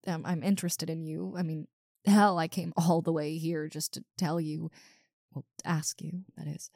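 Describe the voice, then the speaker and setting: A woman's voice: deep voice, little pitch movement, normal speed, darkish tone, no room sound, studio quality. A woman voicing a big, muscular wolf monster girl who stammers, swears and talks bluntly in an audio role-play. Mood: shy confessing.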